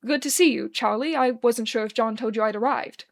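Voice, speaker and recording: A reserved pianist man who keeps every word stiff and formal, as a woman reads him aloud. The voice sits a little high and stays measured. It comes from a dramatic fanfiction reading. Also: close to an everyday voice. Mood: stiff polite.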